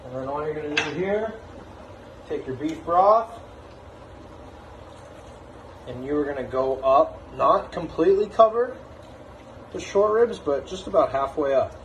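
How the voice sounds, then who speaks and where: A man's voice: on the high side, expressive, a little slow, long pauses, a little hiss or hum, rough recording. A man casually talking through a recipe as he cooks in his home kitchen, in a chatty, joking way. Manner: chatty, jokey, upbeat. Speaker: home cooking vlogger. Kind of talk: casual cooking demo.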